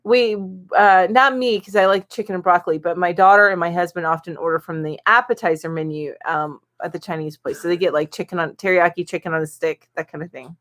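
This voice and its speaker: A woman's voice: fairly low pitch, brisk, hardly any pauses, a bit bright. A middle-aged woman hosting a casual live-stream chat, reading viewer comments aloud and chatting about them with lots of ums and little laughs.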